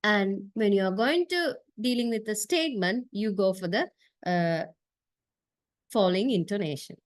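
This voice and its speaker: A woman's voice: medium pitch, expressive, measured pace, no room sound. A woman lecturer giving a classroom lecture, explaining step by step and checking in with "okay?" and "right?". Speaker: university lecturer.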